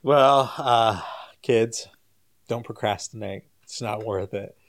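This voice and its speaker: A male guest shares a story casually and slowly. He laughs as he talks, rises higher and louder for quotes, and settles into a soft, low voice as he winds down.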